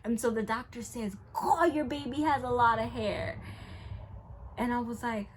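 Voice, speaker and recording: Animated young woman telling a story. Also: a little high, moderate pace, slight background noise. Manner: animated, swings between hushed and loud. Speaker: vlogger. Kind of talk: casual storytime.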